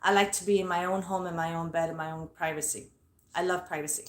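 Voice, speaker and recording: Blunt, foul-mouthed woman, low voice. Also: fairly even intonation, fast talker, echoey room. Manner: blunt, swears constantly. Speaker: paranormal investigator vlogger. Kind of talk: casual ghost-story telling. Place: her bedroom at home.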